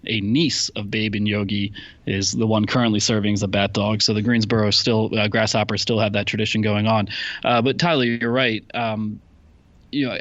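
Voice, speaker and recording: Low-voiced man chatting on a podcast. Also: a bit bright, no echo, highs cut off. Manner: halting, many fillers and restarts. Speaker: podcast co-host. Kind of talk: casual podcast chat.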